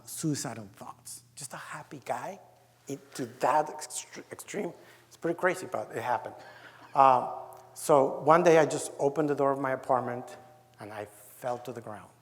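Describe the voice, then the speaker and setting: Speaking at a moderate pace in a mid-range voice, a Mexican business founder shares his earnest personal testimony with a conference. The large hall echoes as he performs his past conversations aloud.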